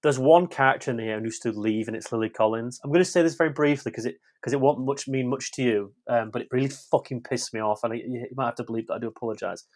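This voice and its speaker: A man talks through a film review in a loose podcast chat. He is blunt and curses freely, tripping over his own restarts. His voice sits at an ordinary middle pitch. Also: quick pace, hardly any pauses, darkish tone. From West Yorkshire, England. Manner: frank and blunt, swears freely, tumbling restarts.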